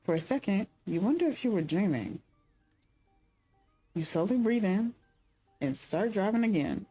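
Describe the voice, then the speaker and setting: A woman's voice: mid-range voice, lively intonation, moderate pace, warm tone, breathy edge, soft background music. A young woman streaming a game, reading its narration aloud and adding chatty asides. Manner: chatty, speculative asides between read-out narration. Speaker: gaming streamer. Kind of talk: reading game text and chatting during a playthrough.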